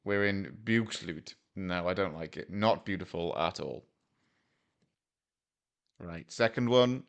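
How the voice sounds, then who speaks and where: A man's voice: sits low, animated, slow pace, creaky, long pauses. A man from Wales giving rambling, jokey, self-deprecating commentary as a vlogger, full of fillers. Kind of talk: casual commentary over a map game.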